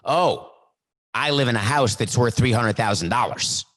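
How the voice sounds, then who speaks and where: A man voicing a naive male customer who insists on his house's worth, a bit higher than his usual voice. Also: normal speed, fairly bright tone, lightly acted. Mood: insistent. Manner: insistent, self-satisfied.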